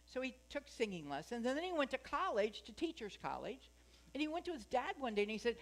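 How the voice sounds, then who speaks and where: A woman's voice: on the high side, very animated, brisk. A woman minister giving a sermon at a spiritual center, chatty and joking, asking her congregation questions.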